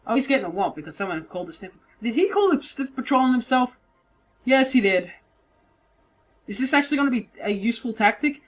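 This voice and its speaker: Casual woman let's-player, animated and self-mocking, loud one moment and mumbling the next. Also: a little high, brisk. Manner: chatty, swearing, self-mocking, swings between yelling and mumbling. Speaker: let's play commentator. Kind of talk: casual game commentary. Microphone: desk mic, moves around it while playing.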